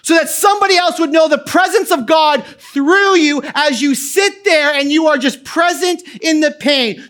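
A middle-aged man preaching a sermon as pastor, moving from hushed tones to loud calls, with casual asides. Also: very high voice. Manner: impassioned, swings from quiet to loud.

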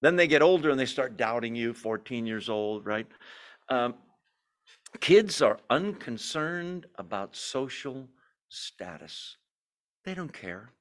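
A man teaching a Bible study in a lively, joking, conversational way. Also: medium pitch, slow.

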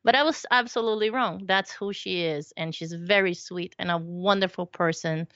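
A woman talks through her stories on a podcast, animated and playful, often slipping into the voices of the people she describes. The sound is a little dull and lo-fi, with a dry, close feel and no room around it. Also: fairly low pitch, moderate pace, no room sound. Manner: animated storyteller, acts out quoted voices. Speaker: podcast guest. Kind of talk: casual conversation.

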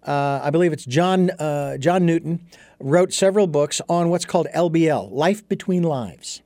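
A man's voice: on the high side, normal speed, a little mellow, dry recording. A man as an interview guest, telling a story and explaining his ideas in an earnest, thoughtful way. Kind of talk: reflective storytelling in conversation.

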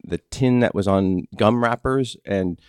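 A man hosting a casual podcast, explaining politics in a rambling, halting way with many restarts. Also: fairly low pitch, darkish tone, clear, resonant tone, no echo, studio quality. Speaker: podcast host.

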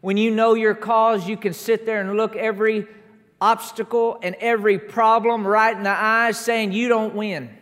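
A man preaching a sermon, emphatic, stacking repeated declarations that build up to shouts during a church service. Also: high voice, little pitch movement, normal speed. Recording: long reverb of a large hall.

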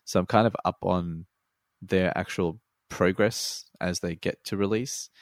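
A man's voice: deep voice, fairly even intonation, a little slow, no echo, studio quality. A laid-back Australian man in casual chat, swearing freely and laughing often.

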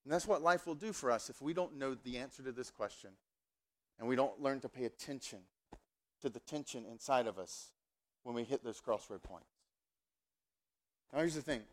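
Animated man preaching a casual sermon. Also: mid-range voice, normal speed, long pauses. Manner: conversational, animated storytelling with many asides; fired-up, emphatic when worked up. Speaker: pastor.

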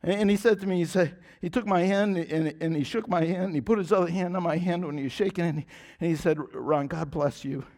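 A pastor preaches a sermon earnestly at a quick pace, repeating phrases and often restarting. For emphasis he drops into a soft, low voice.

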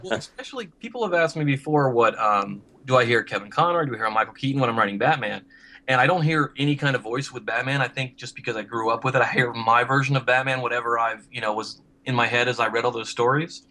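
A man's voice: medium pitch, fast, pushed and bright. A man who writes comics, talking casually in a podcast chat, rambling and laughing often as he acts out quotes.

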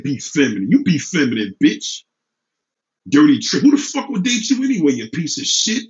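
A man's voice: fairly high pitch, fairly bright tone, muffled recording. A man hosting a casual livestream vlog, ranting heatedly and profanely at his chat in slangy, repetitive talk. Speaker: livestream host. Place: home room with lighting setup.

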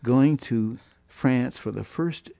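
An older man, a guest musician, telling animated anecdotes in an interview and voicing the people he quotes. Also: mid-range voice, slow, creaky, no room sound. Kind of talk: storytelling interview.

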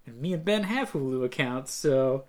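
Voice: medium pitch, expressive, moderate pace, darkish tone. A podcast co-host in casual chat, rambling through long tangents and laughing often.

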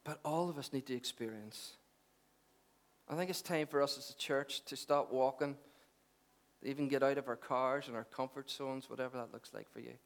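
A man's voice: mid-range voice, normal speed, gravelly. A middle-aged man preaching a sermon, conversational and joking at first, then earnest and emphatic. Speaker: pastor.

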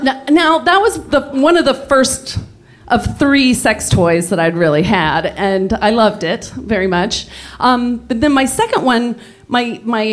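A woman telling a comic personal story, often laughing through her words and restarting her sentences. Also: fairly high pitch. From Texas.

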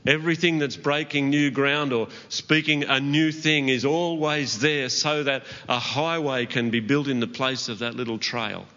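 A man's voice: mid-range voice, fairly even intonation, normal speed, few pauses, pushed and bright. A man preaching a sermon to his church, earnest, with light laughs and asides to the congregation. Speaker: pastor. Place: church auditorium. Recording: dull church hall recording with long reverb.

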